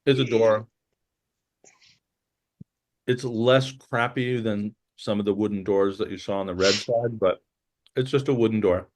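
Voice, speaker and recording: A man's voice: on the low side, fairly even intonation, unhurried, pauses often. A man narrating a tabletop game as game master in a casual, loose way, full of fillers.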